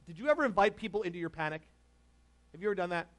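A man's voice: sits high, lively intonation, rapid-fire, fairly bright tone. A man preaching a casual, conversational sermon, laughing often and asking the congregation questions. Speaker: pastor.

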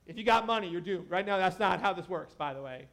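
A man preaching a casual, conversational sermon as a pastor, animated and joking, with many asides to the congregation. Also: high voice, quick pace, creaky.

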